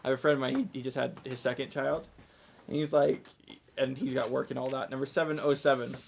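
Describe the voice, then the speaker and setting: A man's voice: medium pitch, steady tone, quick pace, creaky, slight background noise. A man hosting a live sale, calling out lot numbers as he chats casually about family life. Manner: calls lot numbers between chatty family stories. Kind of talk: casual chat between lot calls.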